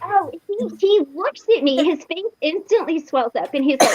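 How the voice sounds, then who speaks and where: A woman telling a lively personal story in a casual online meeting, full of fillers and acted-out quotes. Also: high-pitched, normal speed, hardly any pauses, muffled recording. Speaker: recovery meeting participant. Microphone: video call.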